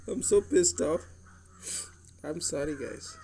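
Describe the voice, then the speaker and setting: A man's voice: a little high, a little slow, long pauses, mellow, a little hiss or hum. A man hosting a gaming channel, giving gameplay commentary while he swears, vents his frustration and apologizes to viewers. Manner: frustrated, swearing, venting openly.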